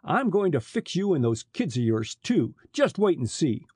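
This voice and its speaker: A man's voice: on the high side, big pitch swings, moderate pace, darkish tone, slightly rough, no room sound, studio quality, voice pushed up. Snackley, a man doing a sneering smuggler chief.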